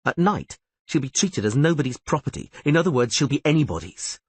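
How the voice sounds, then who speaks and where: A man voicing a sharp-tongued, protective young outlaw with a scornful, heated way of talking. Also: on the high side, sing-song, a little fast, breathy edge, no room sound, voice pushed up.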